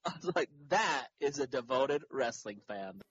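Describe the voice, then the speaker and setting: A man's voice: mid-range voice, animated, a little slow, a bit bright, slightly rough, dry recording, lo-fi sound. A laid-back man co-hosting a casual wrestling podcast who laughs easily. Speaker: podcast co-host.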